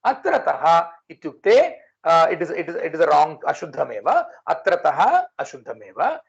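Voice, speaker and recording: A man leads a class, patiently repeating each word for his students. His voice has a gravelly, creaky edge. The audio is dull and lo-fi. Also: on the high side, very animated, brisk. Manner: patient, repeats and drills words. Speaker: language teacher. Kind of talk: online class lesson.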